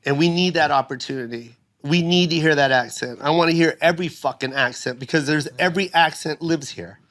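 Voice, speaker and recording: A man's voice: a little high, fairly quick, a bit bright. A middle-aged man from the United States tells an emotional story in casual chat, swearing often and acting out his mother's voice. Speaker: comedian guest.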